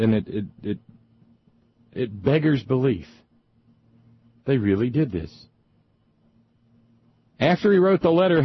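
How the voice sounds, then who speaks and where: Middle-aged man, talk radio host, husky voice, sarcastic, indignant, stumbling repeats, dry slightly muffled sound. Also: mid-range voice, no echo. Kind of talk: political monologue.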